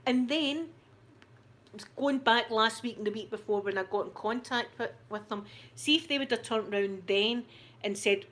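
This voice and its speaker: A middle-aged Scottish woman with a slightly high voice tells a story in casual chat. She recounts it animatedly, with a note of indignation, piling on "I says" as she goes. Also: normal speed, a bit bright. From Scotland. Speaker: channel host.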